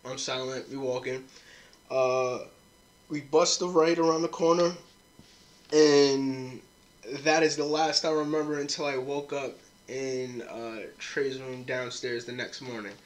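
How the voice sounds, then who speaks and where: Steady and a little slow, a young man's mid-range voice carries a podcast story about a rowdy night of drinking. The talk among friends is casual, profane, and full of quoted dialogue.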